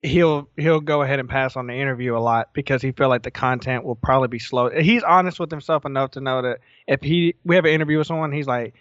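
A man from the American South, a podcast guest, talking earnestly and haltingly in a casual interview. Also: medium pitch, fairly bright tone, no echo, highs cut off. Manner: earnest, halting, restarts phrases.

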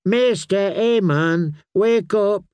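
A man's voice: a little high, very animated, slow pace, a little mellow, no room sound, voice pushed up. A man voicing a timid, kindly young male steward who speaks earnestly and pleadingly. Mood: urgent.

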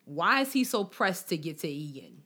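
A woman's voice: lowish voice, big pitch swings, moderate pace, sharp tone. A woman co-hosting a casual podcast, chatting animatedly and sharing lots of fan theories about a TV show. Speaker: podcast co-host. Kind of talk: casual chat. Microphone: studio mic.

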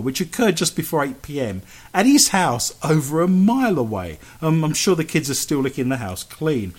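A man hosting a radio show, trading cheeky, bawdy jokes with his co-host and laughing at his own lines. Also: fairly high pitch. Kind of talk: bawdy comic banter.

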